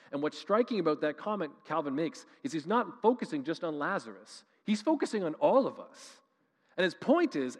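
A man's voice: fairly high pitch, big-room sound. A man preaching a sermon as pastor, earnest and conversational, building to emphatic rises.

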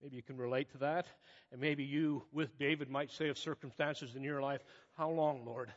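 A middle-aged man preaching a sermon as pastor, rising to emphatic cries and dropping to quiet asides. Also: medium pitch, little pitch movement, normal speed. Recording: muffled audio with long hall reverb.

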